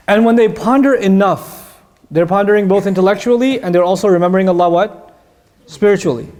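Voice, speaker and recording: A man giving a lecture on Quran verses, telling stories with energy and putting questions to his listeners. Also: high voice. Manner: animated storytelling, asks the audience questions. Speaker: Islamic teacher.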